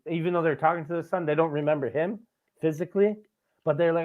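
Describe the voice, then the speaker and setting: A man's voice: on the high side, quick pace. A young adult man hosting a podcast, telling rambling, profane stories in casual chat and laughing at his own tales. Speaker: podcast host. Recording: tinny phone-like sound.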